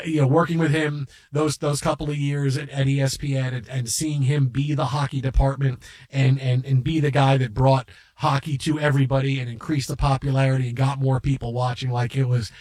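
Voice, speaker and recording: A middle-aged man hosting a sports radio show, telling stories in an animated, rambling way with many restarts. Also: medium pitch. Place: radio studio.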